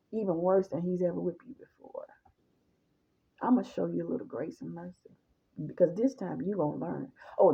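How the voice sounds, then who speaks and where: A woman's voice: fairly low pitch, vocal fry, warm tone, breathy edge, lo-fi sound. A woman gives an emphatic personal testimony, talking straight to her listeners.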